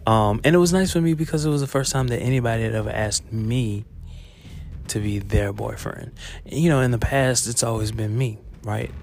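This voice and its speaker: A man's voice: medium pitch, normal speed, gravelly, darkish tone, a little hiss or hum. A man, a teacher on his break, telling a personal story in a casual confessional monologue, chatty, full of fillers and laughs, swearing freely. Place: school, on a break.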